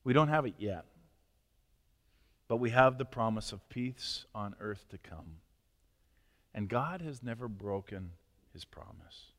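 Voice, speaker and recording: A man's voice: lowish voice, animated, a little slow, long pauses. Earnest male pastor in an echoing hall. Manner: earnest, often drops to a hushed near-murmur. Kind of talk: sermon and closing prayer. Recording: long reverb of a large hall.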